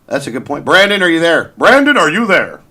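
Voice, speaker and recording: A man's voice: fairly high pitch, very animated, brisk, sharp tone. A man co-hosting a talk radio show, joking around in casual banter. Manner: joking, playful, drops to mumbles. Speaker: radio co-host.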